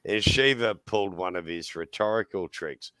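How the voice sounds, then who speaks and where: An Australian man telling a funny story in casual chat, laughing often and jumping into high voices for the people he quotes. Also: normal speed, bright, forceful tone, clear, resonant tone, no echo.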